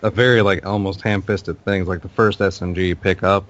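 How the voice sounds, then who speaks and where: A man's voice: deep voice, fairly even intonation, brisk, fairly bright tone, muffled recording. A man co-hosting a podcast, chatting in a laid-back, joking way with slangy asides. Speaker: podcast co-host. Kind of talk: casual chat about a video game.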